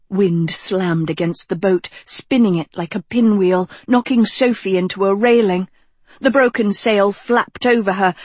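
A woman narrating a storybook in a measured, expressive way. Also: medium pitch, husky, no echo. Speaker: audiobook narrator.

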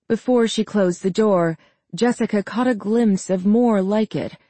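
Slow, steady audiobook narrator. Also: medium pitch, no room sound. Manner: steady, measured reading. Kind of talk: scripted narration.

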